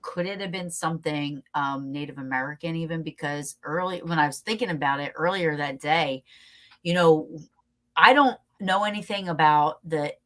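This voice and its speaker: A woman guest telling a story in a casual, animated way, laughing often and swearing freely. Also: sits low.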